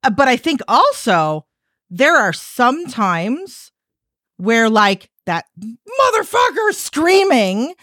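A woman's voice: sits high, big pitch swings, takes it slowly, a bit bright, no echo, studio quality. A woman on a podcast as a guest, telling a story in a candid, rambling way and swearing freely.

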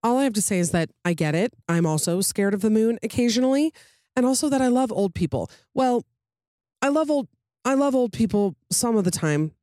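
A woman's voice: fairly high pitch, expressive, a little fast, mellow, no room sound. Woman podcaster rambling casually, lots of likes, dry close sound. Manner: chatty, lots of fillers and tangents. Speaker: podcast host. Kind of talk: casual chat reading listener stories.

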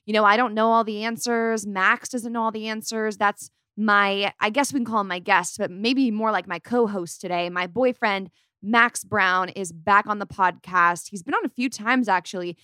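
A young woman in her twenties hosts a casual podcast, talking in a chatty, upbeat way with a light valley-girl lilt. Her voice sits at an ordinary pitch for a woman. It is recorded close and dry, with no room sound. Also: normal speed, pushed and bright, clear, resonant tone, no room sound. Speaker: podcast host.

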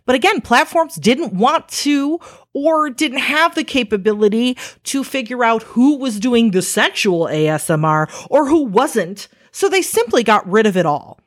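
Lively-pitched woman explaining with emphasis. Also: a little slow. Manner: conversational, emphatic, rhetorical asides. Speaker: commentator. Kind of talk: casual explanatory commentary.

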